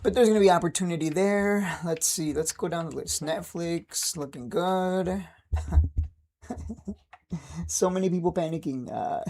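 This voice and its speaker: Streamer type, man in his 30s, mellow tone, keeps chuckling between remarks. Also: a little high. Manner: laughs often, chuckling and upbeat. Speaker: stock trading streamer. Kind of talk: casual livestream chat.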